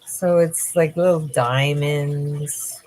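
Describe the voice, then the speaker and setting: A middle-aged woman chatting casually on a livestream from home. Her voice sits low and her pace is very slow, full of pauses and fillers. She sounds tired and yawny, and laughs often as she talks. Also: fairly even intonation, darkish tone. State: tired, yawning. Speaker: livestream host.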